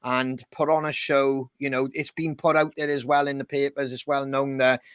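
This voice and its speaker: A man's voice: medium pitch, level tone, moderate pace, a bit bright, clear, resonant tone, dry recording, clean studio sound. A man in a band, chatting casually on a podcast, rambling, swearing freely and laughing often. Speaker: band member co-hosting a podcast. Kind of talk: casual chat.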